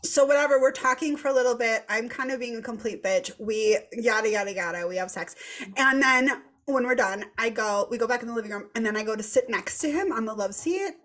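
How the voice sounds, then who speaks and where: A woman in her thirties hosting a podcast, telling a story in casual chat, animated and laughing as she goes, swearing freely. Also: a little high, brisk. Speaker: podcast host.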